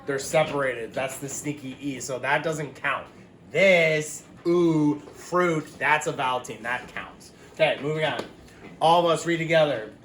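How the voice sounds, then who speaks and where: A man teaching a phonics lesson to young children, patient and slow, repeating each word. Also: a little high, a bit bright, reverberant, slight background noise. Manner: patient, explains words slowly and repeats them.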